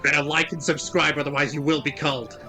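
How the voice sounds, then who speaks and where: A man's voice: fairly high pitch, flat delivery, quick pace, sharp tone, faint music behind. A man voicing a haughty tyrant empress as a video game streamer, smug and mocking. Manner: smug, mocking, laughing through lines.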